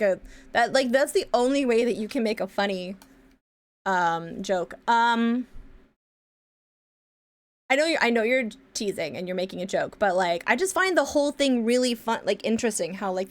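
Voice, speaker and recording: A young woman streaming her pixel art, chatting in a rambly way, swearing casually and humming to herself as she draws. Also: mid-range voice. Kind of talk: casual chat while drawing pixel art.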